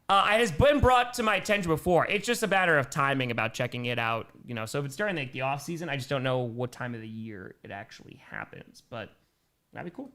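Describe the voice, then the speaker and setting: A young man from Wisconsin doing casual live play-by-play and reaction, chatting with viewers and shouting them out between plays. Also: medium pitch, animated, fast. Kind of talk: casual live-stream commentary reading chat.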